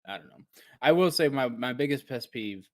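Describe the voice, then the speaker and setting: A man with a mid-range voice talks briskly in clean, dry studio sound. Co-hosting a podcast, he chats casually and rambles, restarting often and acting out his own reactions.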